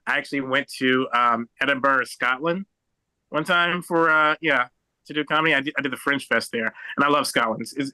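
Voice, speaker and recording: A young American man doing a stand-up set over a video call, halting and rambling with many fillers and restarts. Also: mid-range voice, bright, forceful tone, no room sound, rough recording. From United States. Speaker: stand-up comedian.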